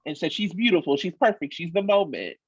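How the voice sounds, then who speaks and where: Animated, husky woman co-host. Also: on the low side, a little fast, no room sound, highs cut off. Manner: emphatic, animated, swears freely. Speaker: podcast co-host. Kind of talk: casual chat.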